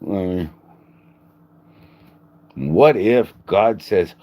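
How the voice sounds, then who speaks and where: A man's voice: mid-range voice, sing-song, extremely slow, long pauses, lo-fi sound. A man hosting a livestream, rambling in a joking, casual way, laughing often and swearing. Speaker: livestream host. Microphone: phone.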